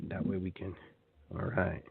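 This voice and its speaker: A man's voice: sits low, monotone, a little slow, gravelly, breathy edge. A man hosting a live call-in radio show, chatting with enthusiasm and guiding listeners through a meditation, with lots of repeats and restarts. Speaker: radio show host and shamanic guide. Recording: tinny phone-line sound.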